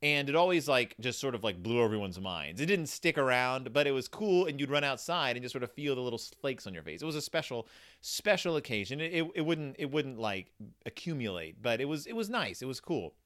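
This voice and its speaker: A man's voice: medium pitch, very animated, fairly quick, a bit bright. A man from Texas, a host casually reviewing a children's book, chatty and rambling with many fillers and restarts. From United States (Texas).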